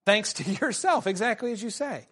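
A man teaching a literature seminar, animated and calling on students by name. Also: high voice, moderate pace, slightly rough. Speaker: teacher leading a literature discussion. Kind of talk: seminar discussion.

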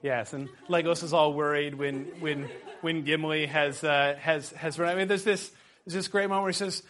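Brief: middle-aged male instructor, high-pitched voice, animated and enthusiastic while leading class discussion. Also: moderate pace. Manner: animated, quoting passages with excitement.

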